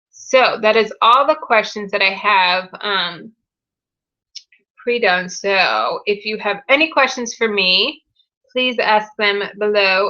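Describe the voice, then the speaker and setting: A bright, forceful young woman talks straight into a webcam, gushing and upbeat as she hosts a live Q&A. The sound is dull and lo-fi. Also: mid-range voice. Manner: upbeat, gushing over viewer news. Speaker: live Q&A host. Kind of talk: casual live-stream chat.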